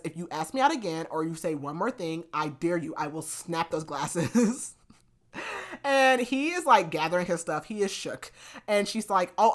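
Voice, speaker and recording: Podcast host, young woman, lower-pitched, chatty recap style with constant fillers. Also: a bit bright. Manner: chatty, filler-heavy retelling with lots of "like". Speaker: book review podcast host. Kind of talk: casual book recap.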